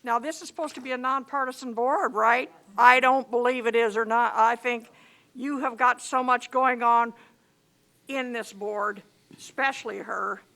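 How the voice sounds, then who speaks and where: A woman addresses a county board in public comment, indignant and scolding. Her voice sits high and sounds bright and sharp. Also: fairly even intonation, normal speed, vocal fry.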